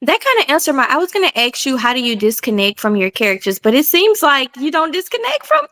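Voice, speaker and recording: A woman chatting casually as a podcast host, blunt and animated, cursing freely. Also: high voice, quick pace. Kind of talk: casual chat.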